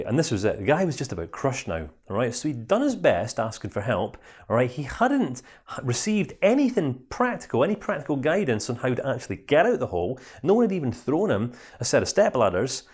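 A man, a life coach, telling a parable in an animated, conversational lesson. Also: medium pitch. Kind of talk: storytelling lesson.

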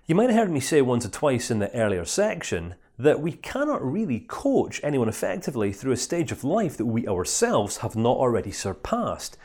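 A male life coach telling a story, his voice rising and falling in a lively, expressive way. He speaks conversationally and checks in with his listeners. The tone is casual and engaging. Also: medium pitch, normal speed, few pauses. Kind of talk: storytelling lesson.

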